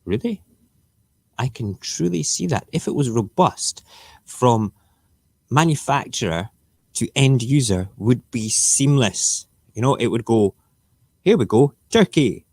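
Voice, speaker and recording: A man's voice: mid-range voice, expressive, a little slow, no room sound, studio quality. A man who hosts a casual morning live stream, ranting emphatically and sarcastically. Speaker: live-stream show host.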